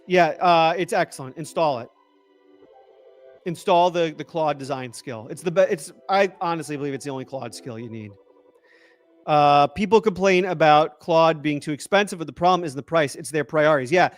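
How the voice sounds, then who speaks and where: A man chatting casually on a livestream and answering viewer questions, excitable and rambling. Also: a little high, moderate pace, faint music behind. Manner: rambling and excitable, trailing off and restarting. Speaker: tech YouTuber answering live chat.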